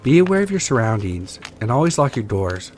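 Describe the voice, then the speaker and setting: A man reading scary stories aloud with a steady storytelling delivery that slows for tense moments. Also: medium pitch, a little hiss or hum. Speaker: story reader.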